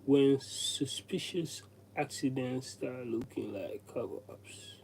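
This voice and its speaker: A man's voice: medium pitch, slow pace, gravelly, a little mellow, slight background noise. A man streaming live, chatting casually with viewers in a rambling way.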